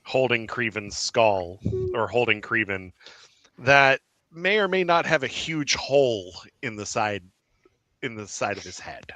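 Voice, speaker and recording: Lively, bright-voiced male game master. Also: medium pitch, a little slow, dry recording. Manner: animated, with laughs and fillers. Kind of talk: narrating a tabletop game.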